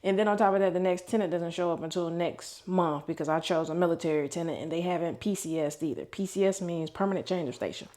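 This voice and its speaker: A woman's voice: fairly low pitch, fast, few pauses, dark tone. A woman in her thirties talking candidly to camera in a casual vlog, venting about her week and swearing freely. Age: 30s. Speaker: vlogger.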